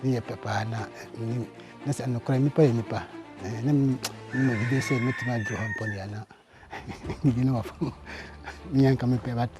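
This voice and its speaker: A man's voice: medium pitch, steady tone, fairly quick, over music. A man, the student's father, talks in an interview and laughs often between his words. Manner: laughs often while talking. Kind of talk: interview in a local language.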